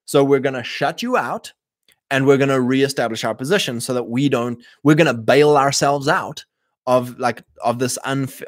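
A man in a casual rambling monologue, clearing his throat often and acting out quoted voices. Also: mid-range voice, normal speed, dry recording, clean studio sound. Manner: frequent throat clearing and restarts.

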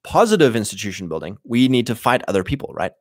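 A man's voice: medium pitch, big pitch swings, fast, no echo, clean studio sound. A man giving an opinionated monologue, emphatic and loose, with many fillers. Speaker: commentator.

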